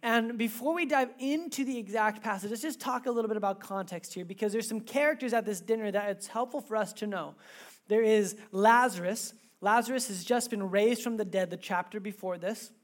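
A woman's voice: mid-range voice, brisk. Conversational woman preacher telling a story. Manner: conversational, animated storytelling with asides. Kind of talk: sermon.

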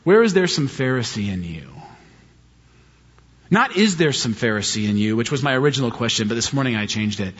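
A middle-aged man preaching a sermon as a pastor, telling a story in a lively way and mimicking high-pitched voices in his quotes. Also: brisk, husky. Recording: dull audio with long hall reverb.

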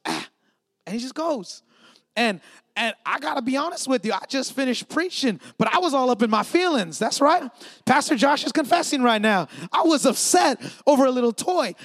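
A man in his thirties, a pastor giving a lively, conversational sermon in church and joking with the congregation. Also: very high voice, no echo, studio quality.

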